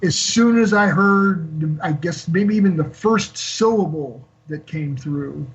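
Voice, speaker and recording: Older man telling a raw story, lo-fi. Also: fairly high pitch. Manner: halting, many fillers and restarts. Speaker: guest. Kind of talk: emotional personal storytelling. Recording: dull lo-fi call audio.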